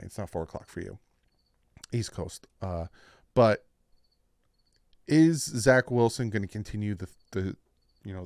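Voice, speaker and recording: A man giving his weekly football picks in a casual, animated talk, jumping up in pitch and volume when something surprises him. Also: dry recording, studio quality. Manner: animated, with sudden jumps in pitch and loudness. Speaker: sports picks YouTuber. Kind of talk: casual sports prediction talk.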